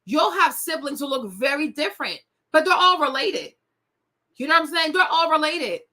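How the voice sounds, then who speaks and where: A woman's voice: sits high, animated, normal speed, pushed and bright. A young woman hosting a celebrity gossip show, talking in a sassy, indignant way straight to her viewers. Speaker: host. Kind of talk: casual celebrity gossip commentary.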